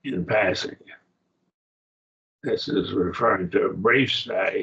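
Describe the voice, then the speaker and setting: Slow, gravelly-voiced man teaching a Bible class. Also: deep voice, a bit bright, lo-fi sound. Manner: unhurried, explains Greek grammar step by step, checks in with the class. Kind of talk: college-level Bible study lesson.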